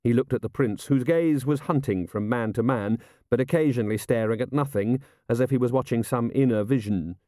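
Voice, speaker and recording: A man reading an audiobook, narrating in an expressive, wry way. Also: mid-range voice, a little fast, hardly any pauses, no room sound, studio quality. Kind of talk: scripted narration.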